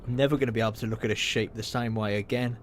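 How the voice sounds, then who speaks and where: A man giving live, excitable commentary while playing a video game, reacting loudly, swearing and laughing often. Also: on the low side, very fast, slight background noise. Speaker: streamer.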